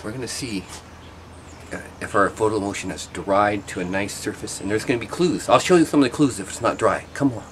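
A man's voice: fairly low pitch, fairly quick, slight background noise. A man hosting a how-to show, demonstrating by hand in an indoor workshop with a rambling, joking, self-deprecating manner. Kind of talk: casual hands-on demonstration.

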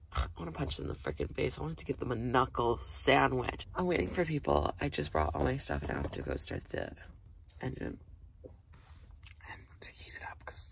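A young man with a raspy voice, chatting casually to his vlog camera, swearing and dropping to whispers. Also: mid-range voice, a bit bright, slight background noise. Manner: frequent "like" fillers, swearing, drops to whispers. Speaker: vlogger.

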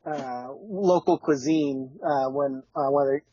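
Man, podcast guest, husky voice, hesitant, slightly high. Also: mellow, no room sound. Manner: hesitant, halting, many fillers. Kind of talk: casual podcast chat. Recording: dry, dull lo-fi audio.

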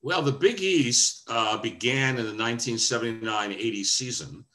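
At a moderate pace and medium pitch, an older veteran sportscaster guests on a video call. His talk is anecdotal storytelling, delivered in a wry and animated manner.

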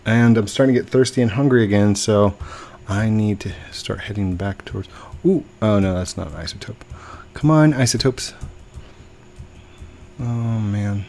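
A man's voice: fairly low pitch, normal speed, pauses often, a little mellow. A young man giving playful live commentary while playing a game, talking to the other players and his own character. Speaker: gaming video host.

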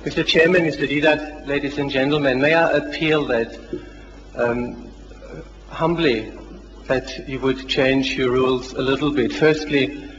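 A man's voice: medium pitch, fairly even intonation, measured pace, a bit bright. A man in the audience at a lecture, politely but persistently asking to put his full question. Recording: dull old hall recording with reverb and hiss.

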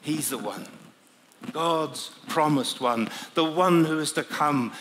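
An exultant bearded prophet in a prison cell, as a preacher puts him on, bursting with laughing joy. The voice sits fairly high and the words come slowly and weighted. It rings through a long echoey hall with a faint hiss behind. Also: male voice. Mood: triumphant. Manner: laughing, breaking into joyous exclamations.

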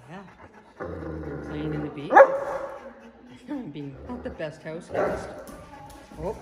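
Casual home-video voice: a woman, low-ish, talking sweetly to her pets in an echoey room over loud dogs. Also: huge pitch swings, slow, heavy background noise. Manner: chatty, talks affectionately to the dogs. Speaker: dog owner filming her dogs. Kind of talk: casual commentary while filming. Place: indoors in a house. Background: dogs running and playing.

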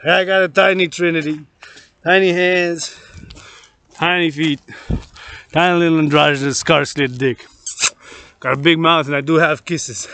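A man's voice: on the high side, fairly even intonation, unhurried, long pauses, pushed and bright. A man rambling in a loose rant while marching outdoors, laughing between phrases and repeating words. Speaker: vlogger.

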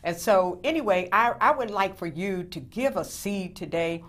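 A woman's voice: medium pitch, moderate pace. A woman who hosts a Christian network show, earnestly urging her past guests to give, with many hesitations. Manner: earnest pleading, with many "uh" fillers and affirmations. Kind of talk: telethon appeal.

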